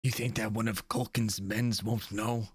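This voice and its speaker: A man voicing an emotional, secretive old male crewman who talks in hushed tones. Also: lowish voice, level tone, a little slow, breathy edge, dry recording, clean studio sound. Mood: confiding. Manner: hushed conspiratorial whispering.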